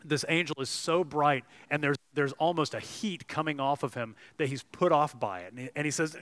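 A man's voice: on the high side, moderate pace, fairly bright tone, no room sound. A man preaching a sermon as a pastor, earnest and storytelling. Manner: earnest, storytelling delivery with some restarts.

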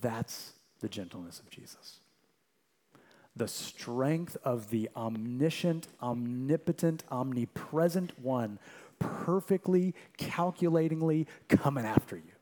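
A young adult man delivers a sermon as a pastor. His voice sits at an ordinary pitch. He swings between energetic, rapid anecdotes and quiet, deliberate emphasis. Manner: swings from loud, quick storytelling to quiet, slow emphasis.

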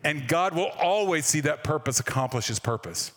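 Pastor, male, fairly high voice, chatty sermon delivery with questions to the room, long hall reverb. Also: lively intonation, moderate pace, a bit bright. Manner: conversational, asks the congregation questions.

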